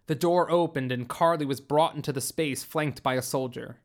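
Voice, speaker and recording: A man narrates a science fiction story aloud, reading in a steady, deliberate manner. His voice is a little high for a man.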